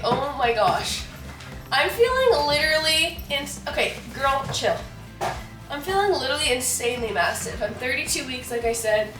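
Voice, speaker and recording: A bubbly young woman talks chattily at home in a high, bright-pitched voice. She is pregnant and getting over a cold, and she gushes as she goes. The room is echoey, and faint music plays underneath. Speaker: vlogger. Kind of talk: casual vlog chat.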